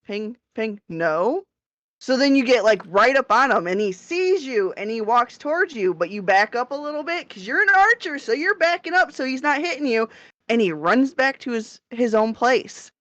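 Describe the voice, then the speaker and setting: A woman co-hosting a podcast, telling a story in an animated way, swearing and laughing as she goes. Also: on the high side, moderate pace, dry recording. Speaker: podcast co-host. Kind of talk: casual chat. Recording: dull lo-fi dry sound.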